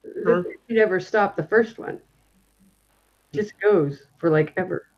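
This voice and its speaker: A man's voice: high voice, a little slow, faint music behind. A man in casual livestream banter, speaking matter-of-factly and stammering through restarts. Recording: dull lo-fi mic.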